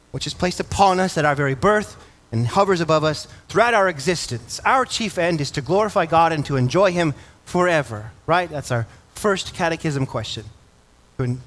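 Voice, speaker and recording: A male pastor preaching a sermon, reading scripture and asking the congregation questions. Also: on the high side. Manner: earnest preaching, asks the congregation questions, reads scripture aloud.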